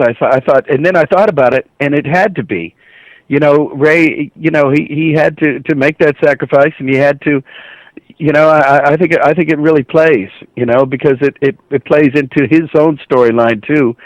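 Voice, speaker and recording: A man's voice: medium pitch, no echo, muffled recording. A middle-aged man from Ohio, a voice actor telling stories in a casual interview and acting out the voices in them. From Ohio, USA. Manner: animated anecdotes, acts out quoted voices. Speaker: voice actor, guest.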